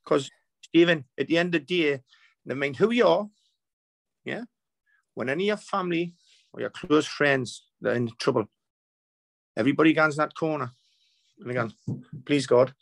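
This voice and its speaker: A man's voice: fairly high pitch, normal speed, long pauses, a bit bright, no room sound, poor audio. A man, a healer telling a story as the guest, rambling with repeats and broken restarts. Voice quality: gravelly. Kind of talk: emotional storytelling.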